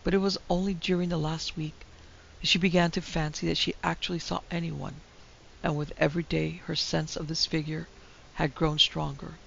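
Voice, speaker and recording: A woman narrating a classic ghost story in a measured, dramatic way. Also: sits low, level tone, creaky. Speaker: narrator and producer. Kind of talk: scripted horror story narration. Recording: dull lo-fi recording with faint hiss.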